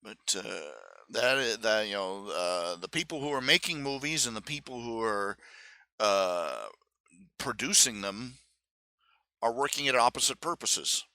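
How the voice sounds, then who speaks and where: Bright, lively man chatting on a stream. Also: on the low side, a little slow, dry recording. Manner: rambling, with many fillers and restarts, acts out quotes. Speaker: live stream host. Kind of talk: casual solo commentary.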